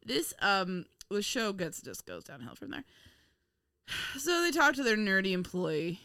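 Woman, podcast co-host, casual chat, frequent laughs, exasperated teasing, bright tone. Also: medium pitch, very animated, measured pace, no echo, studio quality. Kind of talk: casual chat reviewing a TV episode.

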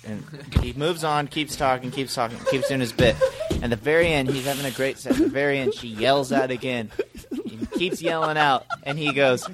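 A man telling a story in casual chat, relaxed, with some hesitations. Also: mid-range voice, normal speed.

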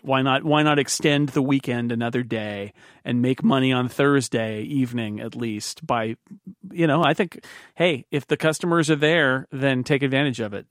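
A man hosting a casual podcast chat, easygoing and halting, often restarting his sentences. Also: medium pitch, dry recording, clean studio sound. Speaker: podcast host.

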